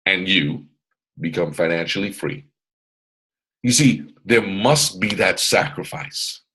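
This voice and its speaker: A man's voice: sits low, slow pace, sharp tone, breathy edge, poor audio. A man leading a motivational training session on a video call, boisterous and strong in his delivery, repeating phrases like a preacher. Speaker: mentor hosting a training call.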